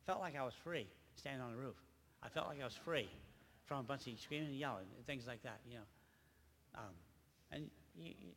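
An older man giving an emotional personal testimony at a church gathering, speaking haltingly and often repeating his words. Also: mid-range voice, fairly bright tone. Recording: reverberant hall, faint background noise.

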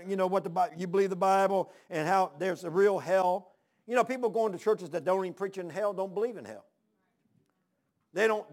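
A man preaching a folksy, storytelling sermon, repeating his phrases. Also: high-pitched. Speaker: pastor.

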